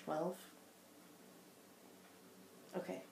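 A woman co-hosting a casual knitting podcast with her daughter, chatty and quick to laugh as she tells stories. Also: mellow, a little hiss or hum. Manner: chatty, giggly storyteller. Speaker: podcast co-host, mother. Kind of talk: casual chat. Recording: roomy echo.

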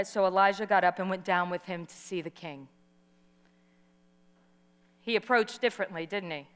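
A middle-aged woman preaching a sermon, telling a story with lively acted-out quotes and calling for responses from the audience. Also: on the high side, clean tone. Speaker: guest preacher. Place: large hall. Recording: live sermon in a reverberant hall.

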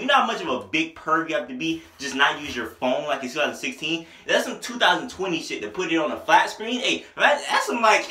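A man reviewing an album in a casual, rambling way, excitable and full of slang, with a headache. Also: fairly high pitch, quick pace. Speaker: music reviewer. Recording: echoey room.

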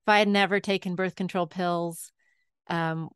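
Smooth-voiced woman podcast host. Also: lowish voice, steady tone, normal speed, no room sound, clean studio sound. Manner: empathetic, searching questions. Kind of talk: podcast interview.

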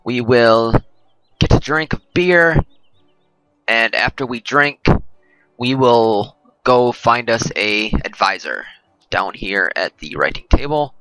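A man talks through a game in a rambling, jokey way and keeps correcting himself. His voice is bright and animated. He sounds dry and close to the mic, with faint music underneath. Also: mid-range voice, takes it slowly, no echo, poor audio. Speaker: let's play host. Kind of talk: casual gameplay commentary.

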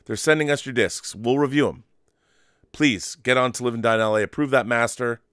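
Brief: male co-host, mid-pitched, chatty and rambling, cusses, dry close sound. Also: a little fast, clean tone, no room sound. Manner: animated, rambling storyteller, swears. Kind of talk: casual chat.

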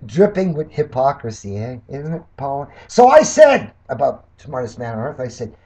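A man's voice: big pitch swings, unhurried. An older Canadian man and political candidate, delivering a sarcastic, combative monologue that reads out and rebuts his critics. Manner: combative, mocking, swinging between loud jabs and low mutters.

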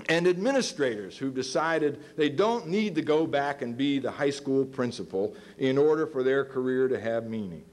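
A man of about fifty giving a lecture in a university auditorium, telling stories animatedly and acting out the voices in them. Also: mid-range voice. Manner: animated, acts out quoted voices. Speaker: guest lecturer. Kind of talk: storytelling lecture.

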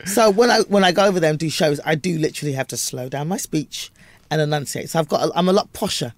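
Animated Cockney woman comedian telling stories. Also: sits low, quick pace, no echo. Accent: London Cockney. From London, England. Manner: animated storyteller, acts out voices. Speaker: comedian guest. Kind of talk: interview chat.

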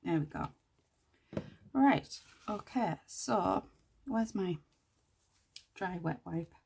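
A woman hosting a casual crafting tutorial, chatting and thinking aloud as she works, with quiet muttered asides to herself. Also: fairly low pitch, expressive, drawn-out words, gravelly, slight background noise. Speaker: craft channel host.

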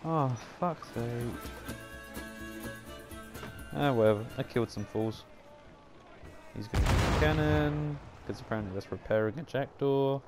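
Brief: young guy, excitable and foul-mouthed, chatting over his gameplay with music behind. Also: medium pitch, measured pace, long pauses. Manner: sweary, sarcastic, excitable. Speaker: gaming channel host. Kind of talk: casual game commentary. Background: game music.

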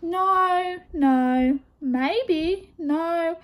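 A woman's voice: very high-pitched, extremely slow, exaggerated voice. A woman voicing a small grey female bird, eager and a little vain.

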